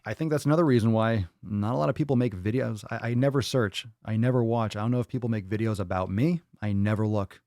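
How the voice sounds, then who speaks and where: A man's voice: on the low side, fast talker, few pauses, darkish tone, no room sound, studio quality. Blunt, profane man hosting a livestream. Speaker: fitness podcast host. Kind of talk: live Q&A chat.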